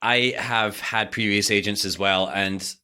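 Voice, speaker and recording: A man hosting a casual podcast chat, reacting with animated, swear-laden exclamations. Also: fairly low pitch, measured pace, clear, resonant tone. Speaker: podcast host.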